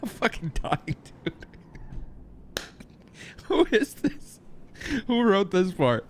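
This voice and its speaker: A man's voice: high-pitched, very animated, drawn-out words, a little mellow, slight background noise. A man streaming a police roleplay, chatting casually, laughing often and swearing. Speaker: streamer playing a police chief.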